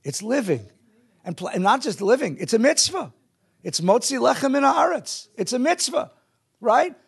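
A man teaching a Jewish text class to a live audience, animated, asking the room questions and mixing in Hebrew and Yiddish words. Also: very high-pitched, moderate pace, vocal fry, slightly rough.

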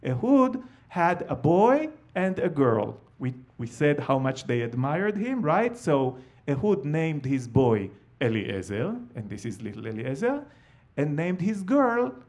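A man, a Hebrew speaker, telling a family story with animated delivery and frequent fillers. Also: on the high side. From Israel. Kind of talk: live storytelling talk.

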